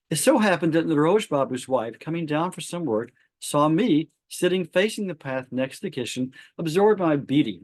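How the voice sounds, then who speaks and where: A man hosting a spiritual gathering, reading a devotional account aloud at an unhurried pace and stopping to comment before opening the floor to discussion. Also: medium pitch, a little mellow, dry recording. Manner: reads slowly, stopping to comment and restart phrases. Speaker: satsang host.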